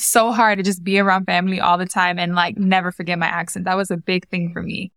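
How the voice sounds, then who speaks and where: A woman's voice: medium pitch, little pitch movement, a bit bright, clear, resonant tone, no room sound, clean studio sound. A woman from the United States hosting a podcast, talking in an earnest, reflective way. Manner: earnest, reflective, quick bursts. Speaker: podcast host. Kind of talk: casual conversational chat.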